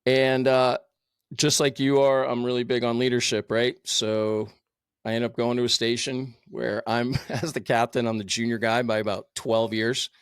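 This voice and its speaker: A man's voice: mid-range voice, little pitch movement, moderate pace, clean tone, no room sound, studio quality. A middle-aged man, a firefighter captain, telling his own story candidly in a blunt, profane way with plenty of fillers. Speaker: podcast guest, firefighter captain.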